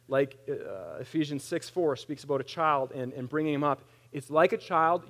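A man in his thirties preaching a conversational sermon, animated and plain-spoken, with wry humor. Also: on the high side. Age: 30s. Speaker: pastor.

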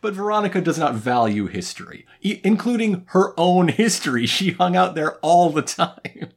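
A woman's voice: lowish voice, expressive, moderate pace. A woman co-hosting a casual recap chat, wry and profane, laughing often. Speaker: podcast co-host.

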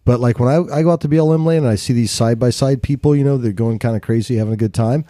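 A man's voice: mid-range voice, rapid-fire, warm tone, no room sound, clean studio sound. A man in a casual panel discussion, rambling and frank.

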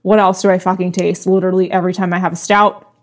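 A woman's voice: lowish voice, little pitch movement, fast, a little hiss or hum. Blunt, playful woman co-host, congested. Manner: blunt, playful, swears freely. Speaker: podcast co-host. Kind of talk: casual chat.

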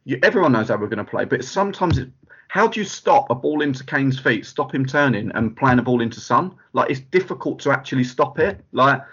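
A man's voice: medium pitch, expressive, fairly quick, a bit bright, husky. A man in a casual chat, peppering his talk with "like". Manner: chatty, lots of "like" fillers. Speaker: podcast co-host. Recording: dull lo-fi audio.

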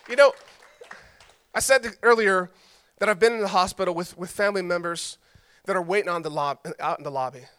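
Male pastor, very high voice with a bright edge, casual joking sermon delivery. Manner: conversational, joking storyteller.

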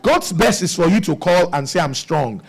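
A man's voice: fairly high pitch, animated, normal speed, gravelly, breathy edge. A man preaching a sermon, asking the congregation rhetorical questions.

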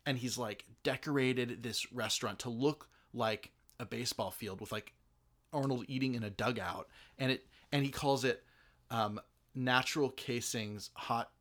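Brief: man, casual film talk, mid pitch, restless and digressive delivery. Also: normal speed, fairly bright tone. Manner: rambling, many fillers and restarts.

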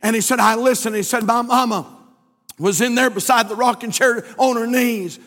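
A man's voice: very high-pitched, steady tone, moderate pace, a bit bright. A male pastor preaching a sermon, telling a story in a folksy way and building emphasis through repeated phrases. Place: church sanctuary. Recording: long church hall reverb.

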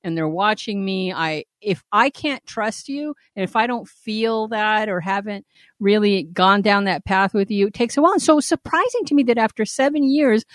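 A woman co-hosting a candid casual chat, telling stories with animated swoops and frequent laughs. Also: mid-range voice, no echo, studio quality. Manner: animated storyteller, swoops up when quoting; laughs often. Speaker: podcast co-host.

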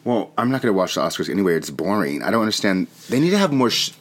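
Deep-voiced, plainspoken man co-host. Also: very animated, rapid-fire. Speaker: podcast co-host. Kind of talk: casual comedic chat.

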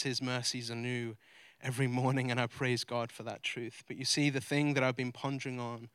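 A male pastor preaching a sermon, earnest and confessional, moving between loud emphatic preaching and quiet, vulnerable admission. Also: medium pitch, clear, resonant tone, no room sound, clean studio sound. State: close to tears. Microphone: handheld or stage mic.

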